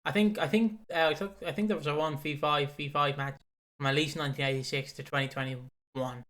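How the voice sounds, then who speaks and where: Talking wrestling on the podcast he co-hosts, this young man rambles through excitable stories packed with swearing. He's fairly high-pitched and speaks a little fast.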